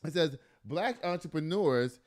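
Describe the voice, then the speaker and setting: A man's voice: fairly high pitch, lively intonation, unhurried. A man hosting a casual news podcast, reading stories aloud and breaking off into exasperated, joking asides. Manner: laughs and jokes often. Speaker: podcast host.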